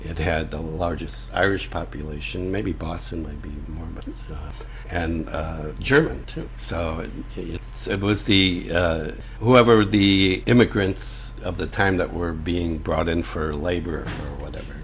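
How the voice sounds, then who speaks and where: A man's voice: deep voice, measured pace, slight background noise. An older man, an improv teacher, chatting casually as a guest and rambling with many fillers and restarts. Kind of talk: casual interview chat.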